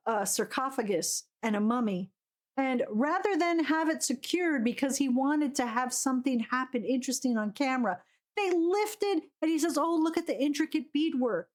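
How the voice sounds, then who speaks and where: High-voiced ranting woman streamer. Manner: animated, ranting, laughs often. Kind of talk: casual live gameplay commentary.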